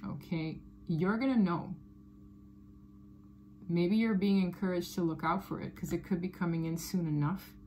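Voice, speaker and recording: A woman giving a tarot reading to her viewers, talking in a loose, animated way, often laughing and repeating phrases. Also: on the low side, normal speed, slight background noise, rough recording. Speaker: tarot reader. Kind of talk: casual tarot reading to camera.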